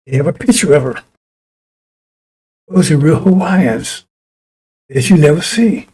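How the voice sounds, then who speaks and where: A man's voice: on the high side, animated, a little slow, mellow, husky. A man preaching a broadcast sermon in a fiery, rambling way, often repeating and restarting his phrases.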